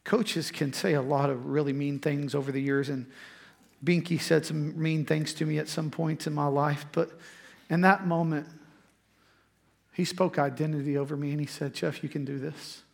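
A man's voice: a little high, level tone, normal speed, vocal fry. A man preaching, telling a personal story in a conversational way before turning to scripture. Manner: conversational storytelling, frequent restarts. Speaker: pastor.

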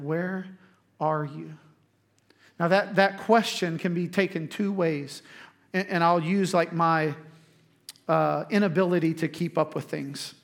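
A man, preaching a sermon as pastor, telling lively stories to the congregation and acting out quotes. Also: high voice.

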